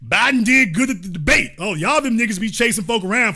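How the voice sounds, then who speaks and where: A man's voice: high-pitched, expressive, fast talker, hardly any pauses, sharp tone, slightly rough. A man hosting a profane, comedic political rant, often acting out the voices of the people he quotes. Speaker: political commentary host.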